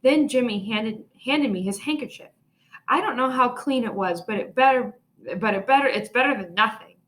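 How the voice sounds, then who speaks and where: A woman teacher greeting her pupils and reading a chapter book aloud, gentle and encouraging, recorded at home. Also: on the high side, moderate pace. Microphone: home video recording.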